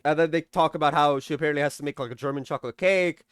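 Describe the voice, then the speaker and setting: A man's voice: fairly high pitch, very fast, a bit bright, clear, resonant tone, no echo, clean studio sound. A young man recapping a TV episode in a casual, rambling way, swearing freely and tossing in sarcastic mock quotes of the characters. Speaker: TV episode reviewer.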